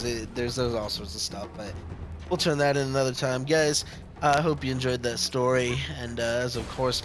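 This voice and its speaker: A man casually telling a rambling personal story to his viewers, full of fillers and swearing. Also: mid-range voice. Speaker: vlogger.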